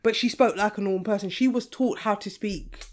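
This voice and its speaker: A woman with an English accent, co-hosting a casual chat podcast, emphatic and quick to jump in. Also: mid-range voice. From England. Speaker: podcast co-host.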